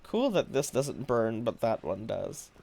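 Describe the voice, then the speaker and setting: A man's voice: fairly low pitch, sing-song, measured pace, vocal fry, darkish tone. A man streaming a game live, chatting casually with viewers, musing aloud and laughing often. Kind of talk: casual live-stream chat while gaming.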